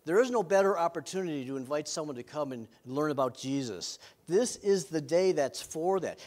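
A man's voice: on the high side, a little mellow. A middle-aged man, a pastor, preaching a sermon in an earnest way with self-deprecating humor.

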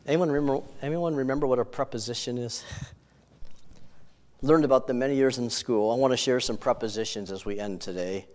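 A male pastor preaching a sermon, telling stories and swinging from hushed lines to loud ones, repeating words for emphasis. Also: medium pitch, brisk.

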